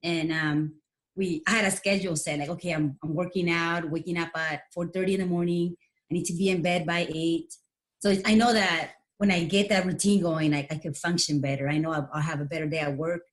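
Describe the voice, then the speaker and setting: A woman with a lower-pitched voice talks on a group call about her routine. She is chatty and breaks into light laughs. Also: steady tone, a little fast. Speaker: call participant. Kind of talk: casual sharing.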